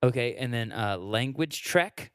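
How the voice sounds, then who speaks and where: A man's voice: medium pitch, lively intonation, measured pace, fairly bright tone, clean tone, no room sound, studio quality. A man, a comedian, joking around in a casual podcast conversation. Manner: jokey, plays with voices and sings comic songs. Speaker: comedian guest.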